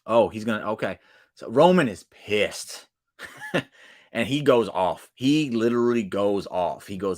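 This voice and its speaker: Excitable low-voiced man recapping wrestling. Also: unhurried. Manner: excitable, swings loud and soft, restarts often. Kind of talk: casual solo recap.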